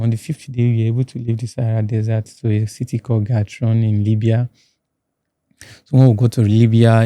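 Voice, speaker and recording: A man from Nigeria with a Nigerian accent, telling his own story as a podcast guest in a halting way, often repeating words. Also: lowish voice, warm tone, no echo, clean studio sound. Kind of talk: personal testimony in a podcast interview. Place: podcast studio.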